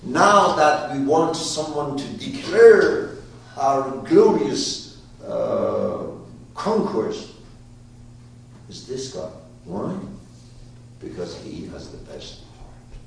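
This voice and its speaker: A man telling a story to a live group, lively and asking his listeners questions, in a roomy space heard from a distance. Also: medium pitch, very slow, gravelly, pauses often, a little hiss or hum. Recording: roomy hall, voice from far off.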